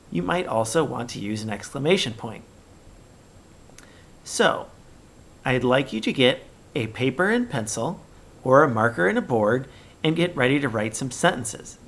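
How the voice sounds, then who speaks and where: A man teaching young children in a recorded remote lesson, speaking slowly and deliberately and reading example sentences with exaggerated expression. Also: mid-range voice, fairly bright tone.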